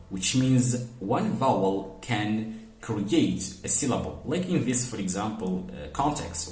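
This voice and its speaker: A man with a fairly low voice is teaching a phonetics lesson. He works through each point patiently, repeating the example words slowly and leaning on "okay" and "for example". The recording has a noticeable room echo. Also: a little mellow.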